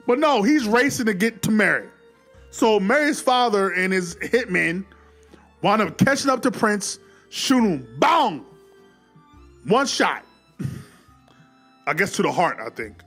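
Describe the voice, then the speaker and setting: Animated high-voiced man recapping a movie. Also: takes it slowly, pauses often, faint music behind. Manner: animated, laughing, acts out characters' lines. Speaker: movie reviewer.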